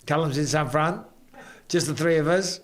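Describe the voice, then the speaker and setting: A man hosting a casual live stream from home, chatting and reading viewer comments aloud with quick banter. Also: a little high.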